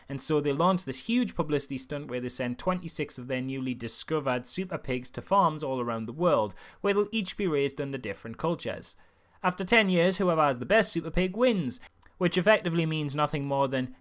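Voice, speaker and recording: A young man reviewing a film in a casual, comic way, with sarcastic, animated asides. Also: medium pitch.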